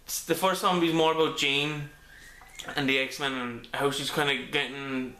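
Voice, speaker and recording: A man's voice: mid-range voice, steady tone, moderate pace, sharp tone. A man reviewing a comic book in a casual video, rambling with many ums and restarts. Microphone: camera mic. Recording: echoey room.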